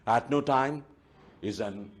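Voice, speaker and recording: A male teacher, giving a deliberate televised grammar lesson and saying "you know" often. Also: medium pitch. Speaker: English teacher. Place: TV studio.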